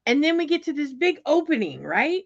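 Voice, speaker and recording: A woman telling a story in casual chat, animated and exasperated, with lots of fillers and restarts. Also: high-pitched, a little fast, creaky. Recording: dull lo-fi sound.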